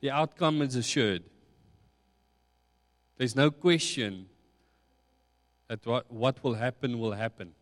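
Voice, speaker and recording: A man preaching a sermon, slow and reflective, building emphasis on key points. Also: medium pitch. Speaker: pastor. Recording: long hall reverb.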